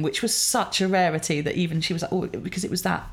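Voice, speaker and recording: A woman's voice: on the low side, steady tone, fast talker. A woman in her forties telling rambling, self-amused stories in a casual chat.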